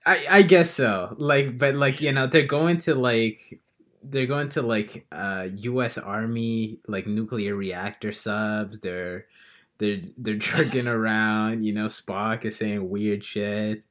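Male co-host, lower voice, loose rambling delivery full of fillers. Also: takes it slowly. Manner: rambling, lots of fillers and restarts, animated retelling. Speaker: podcast co-host. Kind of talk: casual film review chat.

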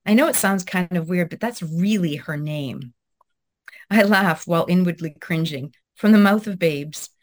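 A woman in her thirties, a guest talking reflectively in an interview with many pauses and restarts, then reading her own essay aloud. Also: fairly low pitch. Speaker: guest author.

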